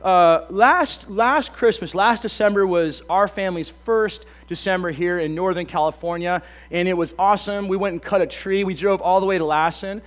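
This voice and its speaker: Pastor guy a bit hoarse, chatty jokey sermon, kinda high voice, lots of uhs. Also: normal speed, hardly any pauses, a bit bright. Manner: chatty, joking, many ums and uhs. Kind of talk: casual sermon with jokes.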